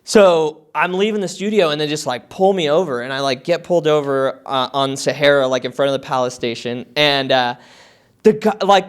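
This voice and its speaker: A man in his thirties telling his story as a podcast guest, animated, swearing a lot and filling his talk with "like". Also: fairly high pitch, normal speed, clear, resonant tone. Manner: many fillers like "like" and "uh". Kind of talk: casual storytelling interview.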